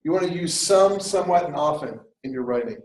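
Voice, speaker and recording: A man teaching a writing workshop in a classroom, lecturing in a lively, conversational way with jokey asides. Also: on the high side, fairly quick, roomy sound, slight background noise, poor audio. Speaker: writing instructor.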